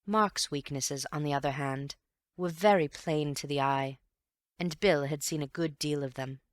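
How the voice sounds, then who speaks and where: A woman reading a classic mystery novel aloud in calm, even audiobook narration. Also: low voice, normal speed, no echo, clean studio sound.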